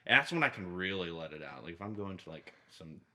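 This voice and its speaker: A man's voice: deep voice, fast talker. A young man hosting a podcast, chatting casually and acting out quotes with animation. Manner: animated storyteller, acts out quotes. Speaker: podcast host. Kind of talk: casual chat.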